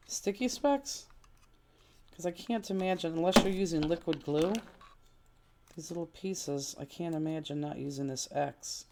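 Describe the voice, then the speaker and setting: A woman's voice: sits low, measured pace, very noisy. Chatty woman teaching a craft class. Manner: chatty, exclaiming, fretful while searching. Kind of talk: live online craft class, casual chat.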